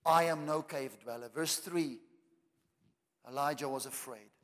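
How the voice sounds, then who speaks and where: Male pastor preaching, slightly high voice, big dramatic swings, long church echo. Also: unhurried. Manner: dramatic preaching with rising shouts and soft drops. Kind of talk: sermon. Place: church hall. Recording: long hall reverb.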